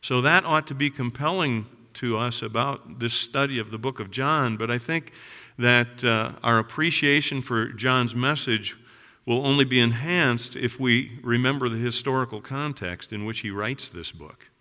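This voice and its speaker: Male pastor, bright tone, earnest sermon delivery, reverberant church sound. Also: mid-range voice, normal speed. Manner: earnest preaching, builds emphasis with repetition. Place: church sanctuary. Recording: long hall reverb.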